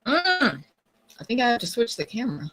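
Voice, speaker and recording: A woman's voice: on the high side, big pitch swings, fairly quick, fairly bright tone. A woman hosting a live craft demonstration, talking casually and chattily, often losing her train of thought. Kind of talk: casual live-stream chat.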